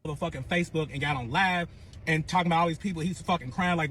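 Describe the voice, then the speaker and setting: A man's voice: high voice, rapid-fire, fairly bright tone, slight background noise. A man telling a dramatic breakup story in a profane, boastful rant, acting out the other voices. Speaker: storyteller in a reacted clip.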